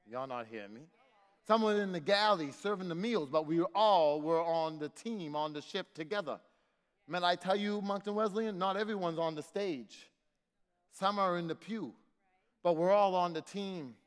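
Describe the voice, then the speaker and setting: A man's voice: high voice, a bit bright. A middle-aged man preaching a sermon in rhythmic call-and-response, repeating refrains and calling out to the congregation. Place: church sanctuary. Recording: long reverb of a church hall.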